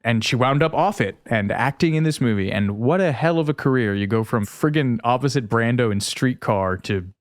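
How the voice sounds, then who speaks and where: A man's voice: mid-range voice, expressive, moderate pace, few pauses, no room sound, clean studio sound. A man co-hosting a podcast, chatting casually and joking, with many fillers. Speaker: podcast co-host. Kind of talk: casual chat.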